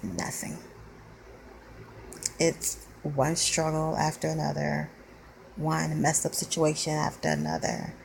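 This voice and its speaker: A woman's voice: sits low, completely flat delivery, measured pace, vocal fry, slight background noise, poor audio. A woman venting in a blunt, weary monologue, close to tears. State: near tears. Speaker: vlogger.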